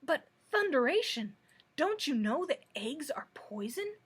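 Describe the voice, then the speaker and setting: A woman voicing a small, hot-tempered male gnome king who blusters and yells, in a husky voice. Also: fairly high pitch, expressive, measured pace. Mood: blustering. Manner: blustering, yelling.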